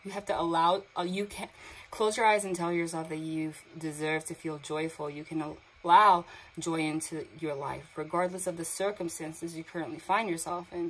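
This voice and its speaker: A woman's voice: lowish voice, steady tone, moderate pace, husky, low-quality recording. A young woman giving a tarot card reading, emotional and awed, reading card texts aloud, with water sounds from a sound machine in the background. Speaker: tarot reader.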